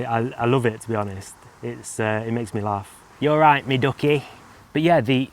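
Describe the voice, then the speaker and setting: An English man with a mild, softened British accent, chatting casually to camera as a vlogger with a loose, relaxed delivery full of fillers. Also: mid-range voice. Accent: mild English, softened toward general British. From England.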